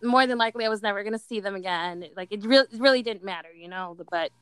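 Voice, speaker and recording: A woman's voice: mid-range voice, fast talker, a bit bright, smooth, no echo, rough recording. A young woman telling a candid story in casual chat, dramatic and laughing often. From Latin American heritage.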